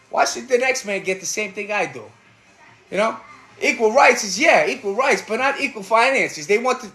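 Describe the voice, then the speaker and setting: A man's voice: very high-pitched, bright, forceful tone, echoey room. A middle-aged man with a New York accent, ranting bluntly and rambling with profanity while cooking in his kitchen. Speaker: livestream host. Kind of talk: casual rant while cooking. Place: home kitchen.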